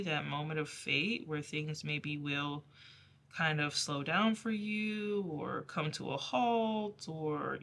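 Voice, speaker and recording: Bright, chatty woman tarot reader. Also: on the low side, slight background noise. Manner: chatty, rambling, laughs often, many fillers. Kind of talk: casual pick-a-card reading.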